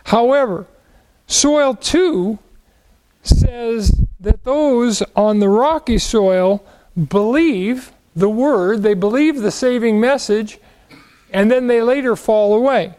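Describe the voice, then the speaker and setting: A man's voice: extremely high pitch, slow pace, darkish tone, low-quality recording. A man teaching the Bible verse by verse, asking questions and answering them, leaning on key words.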